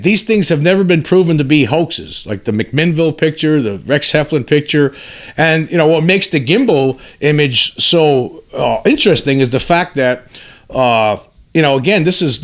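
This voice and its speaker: A man with a voice of ordinary pitch talks through his commentary in a loose, rambling way. He restarts sentences often and presses his points with repeated emphasis. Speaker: host. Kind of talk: casual commentary.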